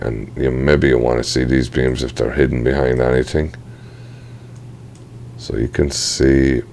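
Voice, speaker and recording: Very low-voiced man with a gravelly edge, casual software tutor who thinks aloud and apologizes for his slips. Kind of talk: screen-recorded software tutorial.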